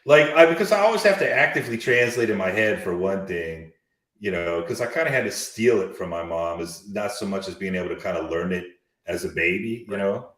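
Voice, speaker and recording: A man's voice: low voice, animated, a little fast, fairly bright tone, distant mic. A man ranting in casual chat over drinks, profane and exasperated. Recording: echoey room.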